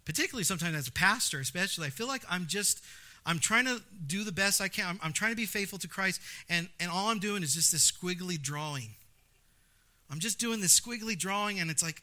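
A male pastor in his thirties delivers a sermon, his voice sitting a bit high with a very bright, forceful edge. He tells stories animatedly, acting out his own exclamations. He stresses key points by repeating phrases. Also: fairly quick. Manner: animated storytelling with acted-out exclamations.

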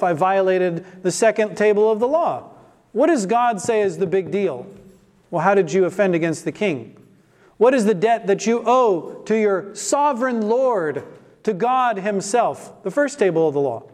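High-voiced preacher in a reverberant hall. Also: male voice, expressive, moderate pace. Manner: rhetorical questions, rising emphatic delivery. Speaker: pastor. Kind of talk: sermon.

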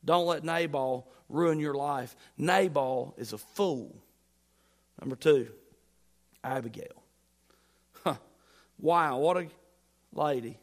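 A middle-aged man preaching from the pulpit, his voice sitting a bit high for a man. He drives his points with emphatic, building repetition and eases into humorous storytelling. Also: takes it slowly, pauses often. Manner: emphatic, rising to loud peaks, storytelling with humor. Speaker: pastor. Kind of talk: sermon.

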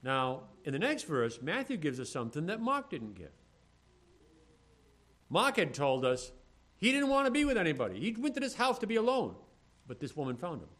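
A man's voice: on the high side, wildly swooping pitch, moderate pace, pauses often, fairly bright tone. A male pastor preaching a sermon, reading scripture and then acting out the disciples' complaints in everyday speech. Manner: reads scripture in old-fashioned phrasing.

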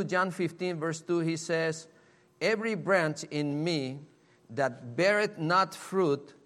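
A man preaching a sermon, earnest and emphatic, repeating key words and reading scripture in old-fashioned wording. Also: fairly high pitch.

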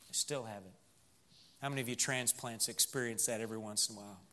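A man with a Southern US accent preaching a sermon, earnest, moving from loud emphasis to hushed storytelling. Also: medium pitch, steady tone, fast talker, slight background noise. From Missouri.

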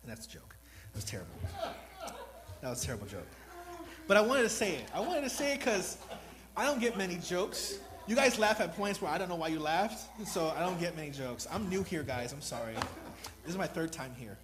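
A lay preacher with a fairly high-pitched voice delivers a sermon, very animated and fairly quick, on a low-quality recording. New to addressing this congregation, he rambles earnestly and pokes fun at himself.

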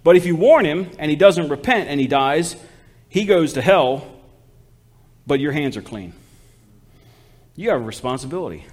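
A man's voice: on the high side, lively intonation, moderate pace, pauses often. A man preaching a sermon as a missionary, folksy and exhortative, calling out to the congregation for responses.

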